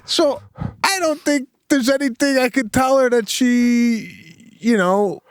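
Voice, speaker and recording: A man's voice: very high voice, slow pace, smooth, dry recording, studio quality. A man co-hosting a podcast, chatting casually and chuckling now and then as he talks about parenting. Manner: relaxed, chuckling, talks about his daughter. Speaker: podcast co-host. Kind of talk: casual chat.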